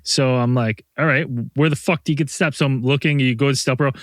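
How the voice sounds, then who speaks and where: A man co-hosting a podcast, telling a story in casual chat, animated and swearing constantly as he rants. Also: mid-range voice, quick pace, dry recording. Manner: profane, animated storyteller, ranting. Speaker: podcast co-host.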